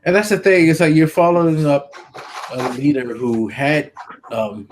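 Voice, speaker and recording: A man co-hosting a casual political podcast, earnest and hesitant, pausing on frequent ums as he works through his points. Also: on the high side, steady tone, a little hiss or hum. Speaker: podcast co-host.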